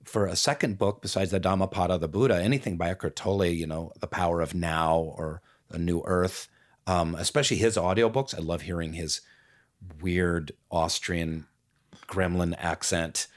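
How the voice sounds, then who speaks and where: Low-voiced man musing calmly. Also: normal speed. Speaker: podcast guest. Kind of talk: reflective conversational talk.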